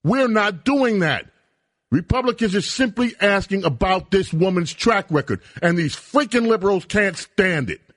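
A man's voice: sits high, expressive, normal speed, fairly bright tone, no room sound, studio quality. Heated talk radio host, man. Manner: heated, ranting, emphatic. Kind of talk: political talk radio monologue. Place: radio studio. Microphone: studio microphone.

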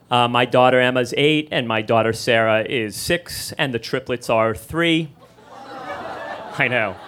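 A man's voice: on the high side, a bit bright, a little hiss or hum. Rambling self-deprecating storyteller man. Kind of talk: live storytelling on stage. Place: stage at a live story event.

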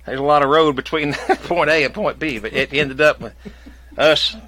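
A man's voice: a little high, steady tone, moderate pace, sharp tone. A man guest telling a long comic story in folksy rural dialect, acting out both sides of the conversation. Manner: drawling rural dialect, acts out both sides of his stories.

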